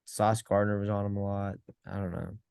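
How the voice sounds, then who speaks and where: A man co-hosting a podcast in casual chat, low-key and self-deprecating, talking over a video call from a dark room at home. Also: little pitch movement, normal speed, vocal fry, clean tone, no room sound, studio quality. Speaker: podcast co-host.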